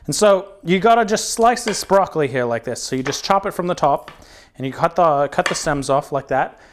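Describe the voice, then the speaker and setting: A young man with a fairly high voice hosts a spoof cooking show. He walks through each step in a loose, joking patter and swears freely along the way. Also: lively intonation, a little fast, a little hiss or hum. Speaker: comedic cooking show host. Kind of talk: mock cooking show, improvised comedy.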